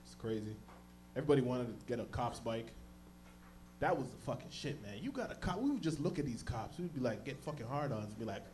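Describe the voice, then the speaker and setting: A man from the Toronto area doing a stand-up comedy set on a club stage, telling stories loudly and jumping into high-pitched voices for other characters. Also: brisk, a little hiss or hum. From Toronto area, Canada. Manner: loud, animated storytelling, jumps into high-pitched voices for characters.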